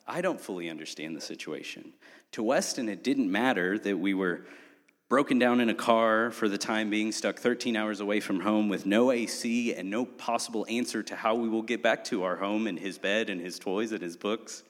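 A young man telling a humorous, animated story in a sermon. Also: on the low side, moderate pace. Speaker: preacher. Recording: long hall reverb.

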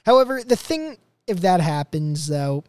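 A young man hosts his podcast in a rambling, casual way, reacting to clips with plenty of "like" and "you know." His voice is fairly high for a man and smooth, and it sits close and dry with no room around it. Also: big pitch swings, unhurried, no room sound. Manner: rambling, filler-heavy. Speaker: podcast host.

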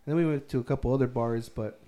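A young man races through a rambling story while chatting with friends, cursing freely and laughing throughout. His voice is mid-range and mellow, with fairly even intonation.

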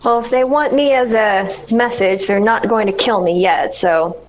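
A woman playing a tabletop role-playing game, eager and quick to laugh. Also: mid-range voice, slight background noise, rough recording. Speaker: player. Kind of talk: casual tabletop game play.

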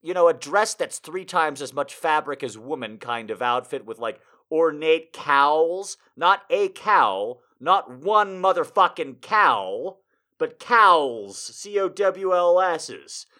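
A man telling a profane, comedic story about a video game, with loud sung and shouted asides. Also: on the high side, expressive, slow.

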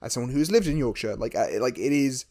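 A man's voice: medium pitch, lively intonation, fast talker, dark tone. A man co-hosting a casual podcast, hedging and restarting as he critiques a film. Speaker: podcast co-host. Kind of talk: casual film review chat.

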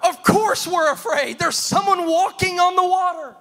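Male preacher, very high voice, bright and forceful, shouting sing-song cadence. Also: normal speed. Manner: shouting, half-singing cadence. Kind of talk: pentecostal-style sermon.

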